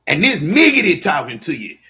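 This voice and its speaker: A man telling stories in a loud, excitable podcast chat, acting out other people's lines. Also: on the high side, fairly quick, slight background noise. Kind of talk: animated storytelling chat.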